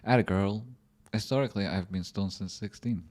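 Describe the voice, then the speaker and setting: A young man hosts a casual livestream, talking in a low register. He rambles from thought to thought, joking and swearing freely. His voice stays deep throughout, with the loose, unscripted flow of live chat. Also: fairly quick, darkish tone. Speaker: livestream host.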